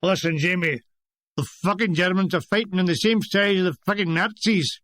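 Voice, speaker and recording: A man voicing a blunt young private who swears constantly and speaks slowly and emphatically. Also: high voice, a bit bright, dry recording, clean studio sound. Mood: scornful.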